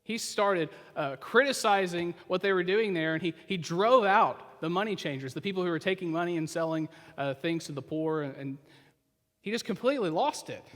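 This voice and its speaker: A male pastor preaching a sermon, retelling the story as if the listener were there and dropping to quiet asides. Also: sits high, animated, normal speed. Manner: storytelling, puts the listener into the scene. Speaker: senior pastor. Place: church sanctuary. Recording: reverberant church hall.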